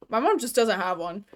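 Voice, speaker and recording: A young adult woman chatting casually from her bedroom while streaming a game, talking loosely and swearing freely, with lots of "like" fillers. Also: medium pitch. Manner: loose and profane, full of "like" fillers. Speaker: gaming streamer.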